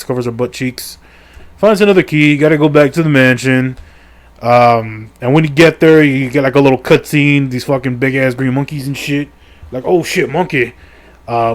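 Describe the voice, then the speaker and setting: Man, middle-aged, casual game recap, profane, crude jokes, rambling, filler-heavy. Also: mid-range voice. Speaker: video creator.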